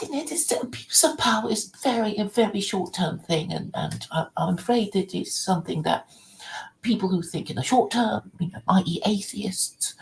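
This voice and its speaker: A woman hosting a livestream in casual chat, rambling with many restarts and soft, half-whispered asides. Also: mid-range voice, vocal fry, poor audio. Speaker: livestream host.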